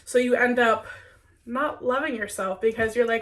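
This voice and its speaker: A young adult woman with a cold chats earnestly with viewers in a spiritual Q&A vlog, her voice a little high with fairly even intonation at normal speed. She's a spiritual content creator, heartfelt and sprinkling in lots of "like"s, picked up on a distant mic.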